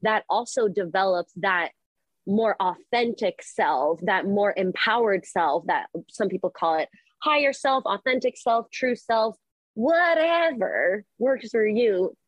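A woman therapist who is a guest on a podcast, gently explaining psychological ideas and briefly acting out inner voices. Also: mid-range voice, very animated, measured pace, dry recording. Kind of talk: explanatory interview talk.

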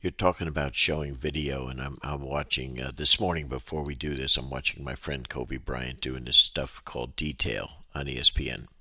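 A man's voice: rumbling low, steady tone, moderate pace, hardly any pauses, bright, forceful tone. A man hosting a podcast interview, chatting casually and rambling with lots of "you know" fillers. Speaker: podcast host.

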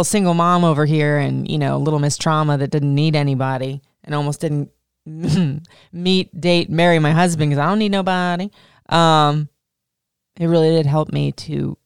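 A woman's voice: sits low, fairly even intonation, a little slow, gravelly, smooth, no echo, studio quality. A woman podcast host in her thirties giving casual, candid advice, swearing freely and laughing often.

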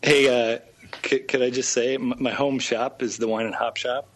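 A man's voice: medium pitch, steady tone, moderate pace, fairly bright tone. A man from Wisconsin calling in to a beer show, friendly and easygoing. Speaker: caller.

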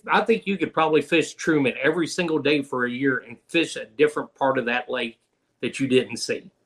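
A man's voice: on the high side, a bit bright. A man, a guest in a casual interview, telling fishing stories in an easygoing, folksy way. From Kentucky.

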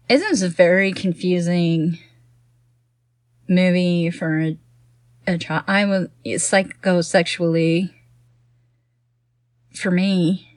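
A woman co-hosting a podcast in casual film chat, animated, laughing often and restarting her sentences. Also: on the low side, dry recording, clean studio sound. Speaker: podcast co-host.

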